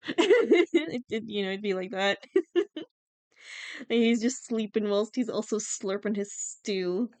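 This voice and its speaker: A woman's voice: a little high, unhurried, darkish tone, no room sound. A young woman from Iceland chatting casually on a livestream, giggling often and using lots of fillers.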